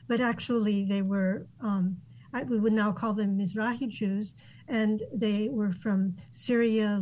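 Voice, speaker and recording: A woman who grew up in Japan, a guest author answering interview questions thoughtfully, with many pauses and ums. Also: mid-range voice, darkish tone, low-quality recording.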